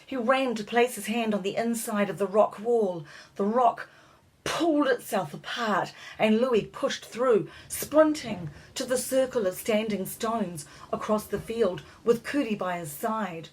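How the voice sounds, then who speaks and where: A woman narrating a children's storybook in a measured, expressive reading voice. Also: on the high side, slightly rough, poor audio.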